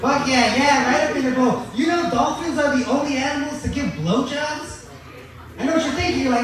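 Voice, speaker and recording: A man's voice: extremely high pitch, a little fast, crowd noise. A man performing a crude, profane stand-up comedy set at an open mic. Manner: crude, profane and deadpan-boasting. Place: open mic venue, echoey room. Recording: very echoey room from far off.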